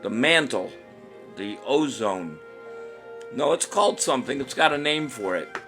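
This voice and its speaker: With faint music in the background, this man hosts a laid-back trivia live stream in a very animated, fairly bright, medium-pitched voice at a measured pace. He keeps joking and chuckling, wanders off on tangents, and reads out the answers viewers post.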